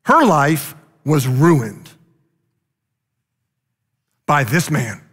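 A man's voice: on the high side, big pitch swings, extremely slow, breathy edge. Man preaching in an echoing church. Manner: impassioned preaching, rising loud then dropping soft. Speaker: pastor. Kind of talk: sermon.

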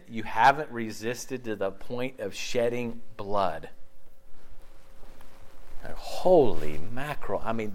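A middle-aged man preaching a sermon as pastor, animated and laughing, acting out quoted voices. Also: medium pitch.

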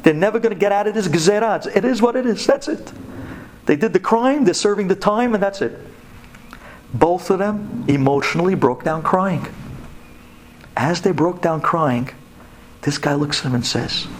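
A man giving a sermon-style storytelling talk to women, animated and emphatic, with pitch swinging sharply up and down. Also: normal speed, long pauses, slight background noise.

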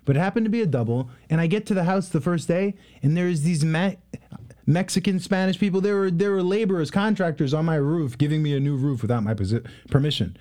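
A man in his twenties, a guest in a casual interview, telling stories in an animated way with many fillers. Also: a little high, fast. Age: 20s. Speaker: guest, real estate investor.

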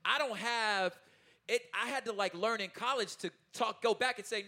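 A man in his thirties giving a casual, animated talk to an audience, often checking in with his listeners and laughing as he goes. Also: high-pitched, normal speed. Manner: loose, informal phrasing with laughs. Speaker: artist speaking at a talkback.

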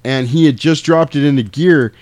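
A man casually retelling a movie plot, animated and swearing, now and then jumping into loud character voices. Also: fairly high pitch, moderate pace, no room sound. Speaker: podcast host retelling a movie. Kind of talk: casual chat.

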